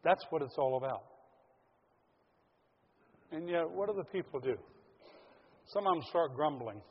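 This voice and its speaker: A man's voice: a little high, expressive, a little slow, slightly rough. A man preaching a sermon to his congregation, earnest and direct, calling them folks. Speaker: pastor. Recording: lo-fi audio in a large reverberant hall.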